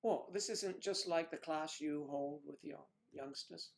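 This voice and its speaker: A man's voice: fairly high pitch, unhurried, vocal fry. Man, middle-aged, from the United States, livestream co-host, teasing, bawdy puns, casual chat. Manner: bawdy joking, teasing viewers by name.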